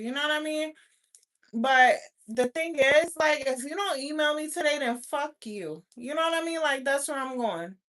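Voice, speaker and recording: A woman's voice: high voice, a bit bright. A woman vlogger, ranting bluntly to her viewers with lots of cursing and scolding. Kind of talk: casual rant to camera.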